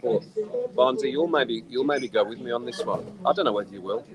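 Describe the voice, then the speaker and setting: A man with a medium-pitched voice speaks fairly quickly over a noisy crowd, the audio dull and music playing clearly behind him. He's tipsy from drinking and ranting in an animated, exasperated manner. It's a casual live stream from an outdoor poolside bar.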